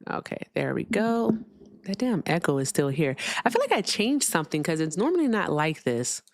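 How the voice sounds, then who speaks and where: A woman's voice: on the low side, sing-song, normal speed, creaky, no room sound, clean studio sound. A young woman hosting a casual livestream, chatting with her viewers while she fixes her sound. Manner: chatty, talks to viewers, fiddles with sound settings. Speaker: livestream host.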